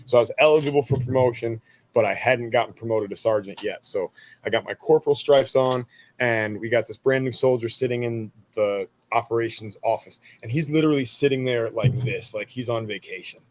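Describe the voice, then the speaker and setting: A man's voice: medium pitch, brisk, slight background noise. A man in his thirties, an army veteran guest, telling stories in a laid-back way, swearing freely and laughing at his own jokes. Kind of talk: casual storytelling interview.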